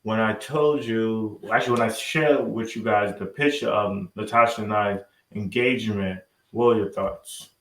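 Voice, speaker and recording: A young man hosting a casual interview with his parents, soft-spoken and halting. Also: on the low side, fairly even intonation, reverberant, rough recording.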